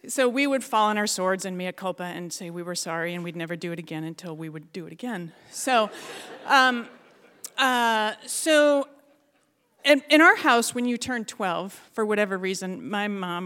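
Lively, laughing woman telling a story. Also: fairly high pitch. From Alaska, USA. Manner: lively, self-mocking, often laughing as she tells it. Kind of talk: personal story told to an audience.

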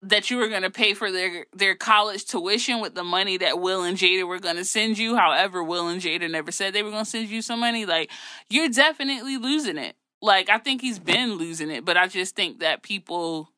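Blunt sassy woman dishing gossip, bright voice, dry close mic. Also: medium pitch, a little fast, dry recording. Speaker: podcast co-host. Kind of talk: casual gossip chat.

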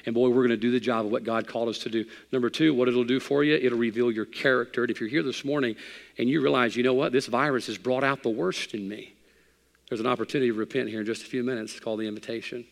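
A male pastor preaching a sermon. He moves from quiet, intimate talk to loud, impassioned preaching, telling stories in his own voice. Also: medium pitch, creaky, big-room sound.

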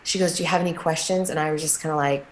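A middle-aged woman, a guest in an interview, telling a personal story in a halting, emotional way with many restarts. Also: sits low, steady tone, slight background noise, rough recording.

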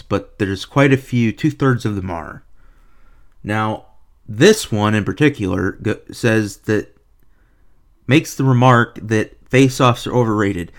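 A man giving a heated, profane rant as a hockey video reviewer, swinging between low mutters and loud sarcastic outbursts. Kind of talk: ranting commentary.

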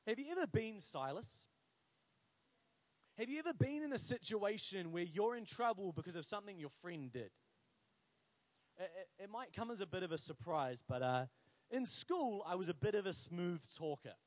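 A young man preaching, his voice high and very lively as he tells humorous stories and acts out voices. The sound is dry and close. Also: moderate pace, dry recording. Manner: animated storytelling with acted voices and humor. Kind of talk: sermon.

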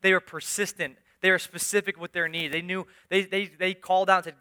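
A man's voice: high-pitched, level tone, brisk, few pauses, pushed and bright, clean tone. A male pastor preaching a sermon in church, earnest and urging, often repeating phrases for emphasis. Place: church sanctuary.

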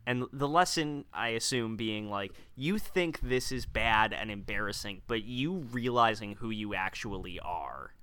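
A co-host with a bright, animated voice recaps a film plot, the pitch moving freely. The sound is dry and close, with no room around it. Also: a little slow, few pauses, smooth, no echo. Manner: recaps the plot with hesitant fillers and restarts. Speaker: podcast co-host. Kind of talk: casual chat recapping a film.

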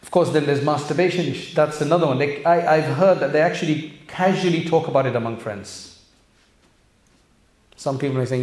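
A man's voice: a little high, normal speed, darkish tone. A man giving an earnest religious talk to young people, direct and full of rhetorical questions. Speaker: Islamic speaker addressing youth and parents. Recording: echoey room.

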